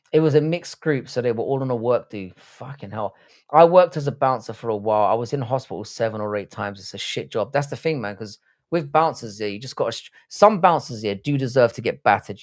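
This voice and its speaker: A man in his thirties with a South London accent, chatting bluntly and profanely to his live chat while watching fights. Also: medium pitch. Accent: South London English. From England. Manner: profane, blunt, banter reading chat aloud. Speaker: livestream host.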